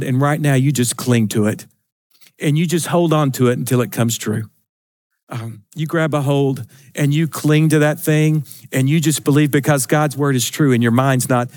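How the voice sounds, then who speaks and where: A man preaching a sermon in an earnest, repetitive style. He stumbles and restarts often, raising and lowering his voice for emphasis. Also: a little mellow, no echo, clean studio sound. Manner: earnest preaching with many restarts and repeated phrases; swings between raised and lowered pitch for emphasis. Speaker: pastor.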